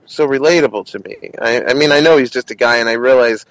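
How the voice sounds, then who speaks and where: A man who hosts a comedy interview podcast, telling stories in an animated, casual way with lots of restarts. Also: medium pitch, fast, no echo, low-quality recording. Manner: animated, many restarts and quoted voices.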